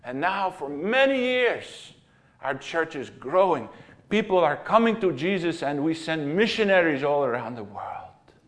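A man's voice: a little high, very animated, measured pace, voice pushed up. A man putting on a burly Russian villager with a thick accent. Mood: fervent. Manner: broken English, fervent testimony.

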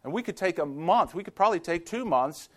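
A man's voice: high voice, expressive, brisk. A man preaching a sermon to students, telling stories and rising to emphatic exclamations.

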